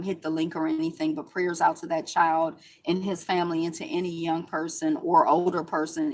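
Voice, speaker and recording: Lady host reading headlines n riffing, chatty and sarcastic. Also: fairly low pitch. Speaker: show host. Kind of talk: casual news commentary.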